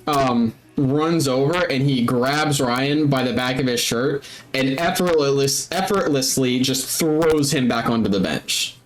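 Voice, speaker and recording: A man's voice: mid-range voice, unhurried, few pauses, poor audio. A man narrating a tabletop game as game master, with frequent hesitant ums.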